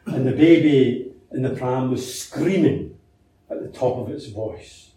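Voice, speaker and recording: A man's voice: medium pitch, measured pace, mellow, slight background noise. A man preaching a sermon in a conversational way, asking rhetorical questions and telling anecdotes, heard in a church. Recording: very echoey church hall from a distance.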